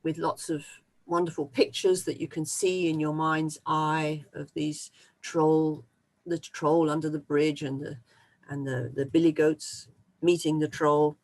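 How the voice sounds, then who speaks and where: A workshop presenter who tells a children's story aloud, then explains it slowly and expressively. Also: mid-range voice, low-quality recording. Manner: slow, expressive, with fillers and restarts. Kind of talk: storytelling and teaching talk.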